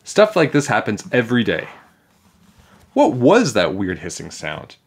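A man reading a children's chapter book aloud in a playful, animated way. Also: lowish voice, a little slow, breathy edge. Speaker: storybook reader.

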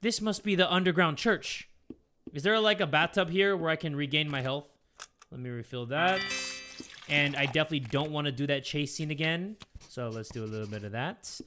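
A man's voice: on the high side, brisk, pushed and bright, faint music behind. A man giving casual, joking, crude commentary while playing a horror game. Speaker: gaming video creator.

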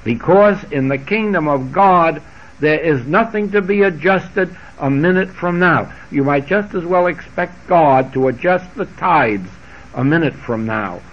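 A man giving a spiritual lecture, speaking deliberately and repeating scripture phrases with shifting emphasis. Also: fairly high pitch, lively intonation. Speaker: spiritual teacher. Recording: dull lo-fi archival tape.

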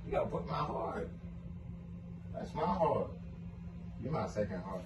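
A man's voice: medium pitch, sing-song, a little slow. A young man vlogger pulling a prank on his girlfriend, pleading and teasing in casual slang. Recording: echoey room, mic at a distance, noise behind.

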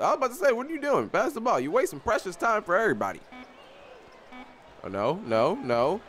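Young guy yelling at his basketball game players, voice jumps all over, a bit high, faint hiss behind. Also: fast. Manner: excitable, talks to players on screen, repeats himself. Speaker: gaming YouTuber. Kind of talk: live gameplay commentary.

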